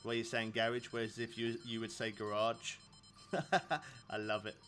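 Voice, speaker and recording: An English man in his thirties streams a fishing game, rambling in chatty, casual talk to his viewers and laughing frequently. His mid-range voice is a bit bright and moves at a moderate pace, with slight background noise.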